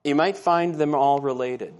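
A man's voice: a little high, measured pace, a little mellow. A man preaching a sermon in church, telling stories and often asking the congregation questions. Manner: storytelling, conversational, asks the congregation questions. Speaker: pastor.

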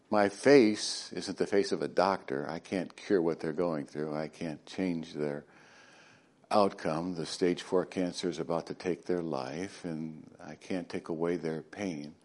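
A male pastor preaching a sermon, swinging between loud emphatic lines and hushed near-whispers, with joking asides to the congregation. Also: deep voice, measured pace.

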